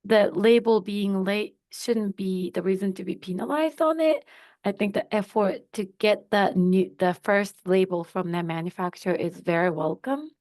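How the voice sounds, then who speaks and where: A woman's voice: medium pitch, moderate pace, a little mellow. A woman in a webinar tells a story from her own work, searching for words as she goes. She speaks in a mid-range voice, with frequent fillers and repeated words. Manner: hesitant, many fillers and restarts. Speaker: webinar participant. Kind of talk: casual spoken anecdote.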